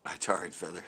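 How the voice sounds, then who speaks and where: A middle-aged man hosting a live stream, chatting casually, laughing often and swearing lightly. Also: bright, forceful tone.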